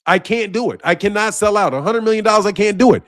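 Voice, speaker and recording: A man's voice: sits high, expressive, fast, fairly bright tone, dry recording, studio quality. A man hosting a boxing channel, talking to camera in a casual monologue; he is emphatic and repetitive, swears often and turns intense and confrontational.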